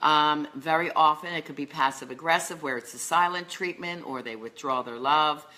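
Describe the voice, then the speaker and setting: A woman's voice: low voice, normal speed, pushed and bright. A middle-aged woman life and love coach, talking earnestly to camera about relationships, with lists and filler words. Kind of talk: solo talk to camera on relationships.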